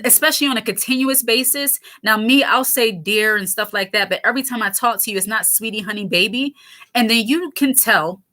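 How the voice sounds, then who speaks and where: A woman's voice: mid-range voice, pushed and bright. A woman in her late thirties hosting a casual livestream, chatting candidly with viewers and laughing often. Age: 30s. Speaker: channel host reading viewer comments.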